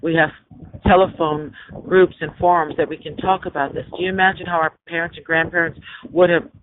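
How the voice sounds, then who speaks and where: A man's voice: on the high side, level tone, brisk. A man hosting a call-in podcast, talking in an emphatic, preachy way and often asking "okay?". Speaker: podcast host. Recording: tinny phone line with faint hiss.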